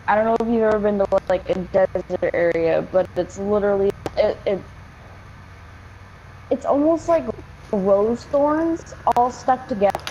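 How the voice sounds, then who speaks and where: A woman's voice: mid-range voice, darkish tone, slight background noise. A young woman casually telling a story, rambling with lots of fillers and swearing. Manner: rambling, swears a lot, many likes and fillers. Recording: dull lo-fi game-capture audio.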